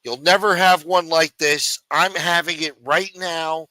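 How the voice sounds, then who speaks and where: Man mocking a boastful loudmouth, gloating show-off pitch, higher and brighter than his own voice, dry close sound. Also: steady tone, a little slow, dry recording. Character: boastful loudmouth man bragging about beach snacks.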